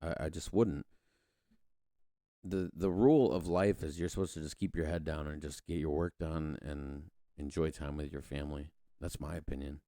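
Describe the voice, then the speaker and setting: A man's voice: extremely low pitch, fairly even intonation, normal speed, dark tone, dry recording, studio quality. A man hosting a podcast, rambling through a casual political monologue with frequent restarts and casual swearing. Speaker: podcast host.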